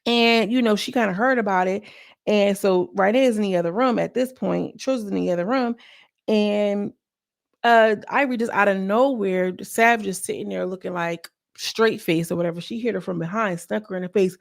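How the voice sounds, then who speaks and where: Chatty woman with a gravelly voice. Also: mid-range voice, normal speed, no echo, clean studio sound. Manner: chatty and animated, acts out cast members' lines. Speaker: reality TV recap vlogger. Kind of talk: casual episode recap.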